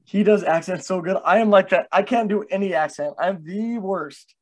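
A man's voice: high voice, moderate pace. Swearing young man hosting a casual podcast. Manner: loose, swearing, laughs at himself. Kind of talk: casual chat.

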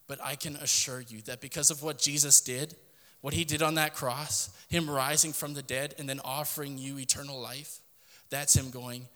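A man's voice: mid-range voice, little pitch movement, normal speed, sharp tone. Man, podcast host; earnest devotional address, tense edge, reverberant room. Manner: earnest, direct address to listener. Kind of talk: devotional talk.

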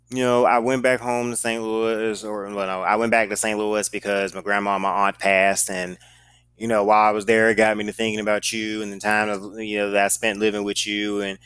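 A man's voice: fairly low pitch, fairly bright tone, clear, resonant tone, no room sound. A man with a slight Southern accent telling a casual storytime in a blunt, profane and sarcastic way. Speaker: podcast host telling a story.

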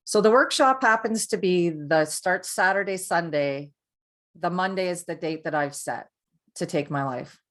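A woman's voice: fairly low pitch, measured pace, a bit bright. A middle-aged woman, a podcast guest, recounting her personal story candidly and earnestly, often restarting her sentences.

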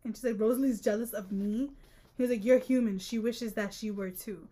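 A woman's voice: on the high side, a little fast. A woman co-hosting a casual book-club podcast, reading passages aloud and riffing on them with exasperated jokes. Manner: animated, reads quotes aloud and riffs with exasperated jokes. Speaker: podcast co-host.

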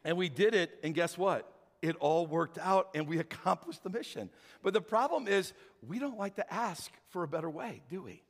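Pastor, male, higher register, lively storyteller, reverberant sanctuary. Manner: animated storytelling, acts out dialogue. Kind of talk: sermon. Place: church sanctuary. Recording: hall reverb from church sanctuary.

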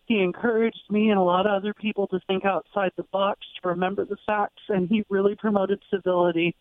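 A man phones in to a radio show, his fairly high voice squeezed through a thin, tinny phone line. He speaks with heartfelt emotion and a dry, close sound. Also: level tone, brisk, no echo. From Washington state. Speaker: caller. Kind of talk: phone-in call. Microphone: telephone.

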